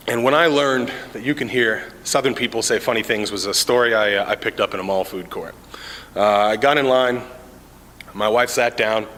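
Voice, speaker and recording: A man telling stand-up comedy stories in a casual, deadpan way, with many "uh" fillers, recorded in an indoor common area. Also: medium pitch, slight background noise. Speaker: amateur stand-up comic, Army sergeant. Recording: reverberant indoor room.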